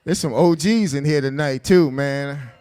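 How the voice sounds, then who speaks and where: A man's voice: fairly high pitch, measured pace, mellow, smooth. A man with a New York accent doing a stand-up comedy set on a live club stage, bantering loosely with the crowd in street talk. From South Bronx, New York.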